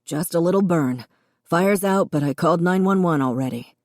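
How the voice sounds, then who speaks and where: A woman narrator voicing a calm male neighbor who reports things quickly and plainly. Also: on the low side, no room sound, clean studio sound, natural voice. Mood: brisk.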